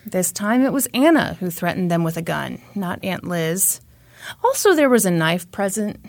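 A woman's voice: on the low side, sing-song, normal speed, vocal fry, no room sound. A woman hosting a podcast, telling a true crime story in a conversational way with wry asides. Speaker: podcast host.

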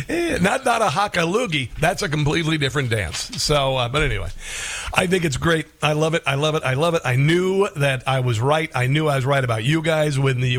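A man's voice: on the high side, dry recording. Sarcastic male talk radio host, dry mic. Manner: combative, sarcastic, chuckling.

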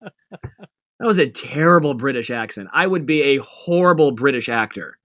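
A man's voice: mid-range voice, lively intonation, moderate pace, fairly bright tone, no echo, clean studio sound. A man co-hosting a casual podcast, playful and rambling with frequent laughs. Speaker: podcast co-host.

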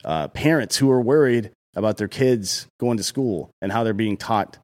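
A deep-voiced man holds forth on a casual podcast. His talk is blunt and heated, thick with profanity, the tone of someone airing strong opinions. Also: expressive, normal speed, a little mellow. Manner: blunt, heated, swears often. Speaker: podcast co-host.

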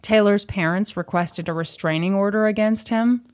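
A woman's voice: mid-range voice, normal speed, a little mellow. A young woman co-hosts a casual podcast, recounting a story with her friend. She reads quotes aloud and cuts in with wry jokes. Her voice sits in a middle range. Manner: storytelling, reading out quotes, joking asides. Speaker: podcast co-host. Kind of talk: casual chat.

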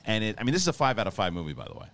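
Excitable, rambling low-voiced man. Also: racing. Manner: excitable, profane, rambling with many restarts. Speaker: host and film reviewer. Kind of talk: casual film review chat.

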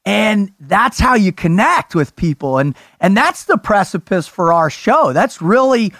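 A high-pitched man hosts a podcast with a voice that leaps all over the place. He is hyped and loud, laughs a lot and swears casually. The sound is close and dry. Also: big pitch swings, measured pace, no room sound. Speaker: podcast host. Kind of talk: energetic podcast conversation.

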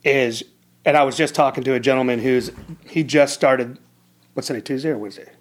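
A middle-aged American man at a medium pitch recounts his military past in relaxed conversation. He talks earnestly and reflectively, often doubling back to restart a phrase. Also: a little fast. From United States. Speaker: former Navy SEAL officer, guest. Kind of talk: casual conversational storytelling.

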